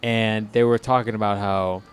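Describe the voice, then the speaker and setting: A man's voice: lowish voice, flat delivery, moderate pace, slight background noise. A man co-hosting a podcast, telling a crude story in a loose, casual way with frequent laughs and fillers. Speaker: podcast co-host.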